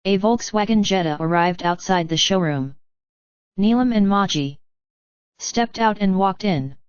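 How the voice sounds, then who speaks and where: A woman reading an audiobook in scripted narration, voicing every character in the same even narrating voice. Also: medium pitch, unhurried, clear, resonant tone, dry recording, muffled recording.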